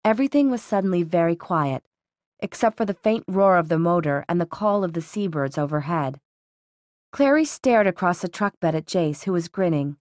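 A woman reads a novel aloud in a steady, even storytelling voice. Her pitch sits on the lower side, and the recording is close and dry with no room sound. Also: normal speed, no room sound. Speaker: audiobook narrator. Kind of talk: scripted narration.

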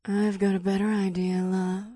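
A man's voice: high-pitched, monotone, normal speed, warm tone, husky, no room sound, clean studio sound, voice pushed up. A man voicing a flirty, playful female succubus who teases and calls people love, in an audiobook. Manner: teasing, calls others love. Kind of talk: audiobook narration.

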